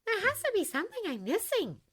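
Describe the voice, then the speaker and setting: A woman voicing an upset twelve-year-old schoolgirl witch who speaks in a high, trembling voice. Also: wildly swooping pitch, brisk, fairly bright tone, exaggerated voice. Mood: earnest. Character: tearful young schoolgirl witch, girl about twelve. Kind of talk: audiobook character voice.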